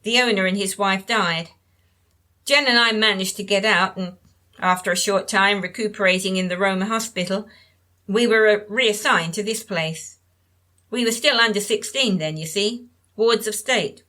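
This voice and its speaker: A woman puts on a frail older woman for this audiobook, nasal and evasive. Her tone is bright and keen, and she speaks in halting bits, trailing off as if talking to herself. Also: medium pitch, natural voice. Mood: wistful. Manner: halting, drifting, talks to herself. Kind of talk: audiobook character reading.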